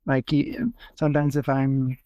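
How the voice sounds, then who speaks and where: A man's voice: medium pitch, level tone, measured pace, mellow, clear, resonant tone, dry recording. A young man hosting a podcast in casual chat, rambling with lots of fillers and restarts. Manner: rambling, many fillers and self-corrections. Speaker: podcast host.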